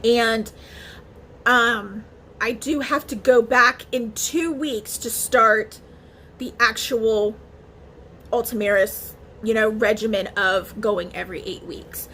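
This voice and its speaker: A woman's voice: a little high, slow, a bit bright, a little hiss or hum. A woman vlogger talking casually to camera in a chatty, emotional way, with many fillers and restarts. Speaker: beauty vlogger.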